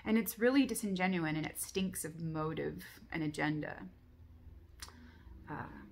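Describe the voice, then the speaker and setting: A woman's voice: deep voice, measured pace, gravelly, long pauses, a little mellow, a little hiss or hum. A woman recounting a dream from her journal, blunt and candid with frequent swearing, intense and reflective.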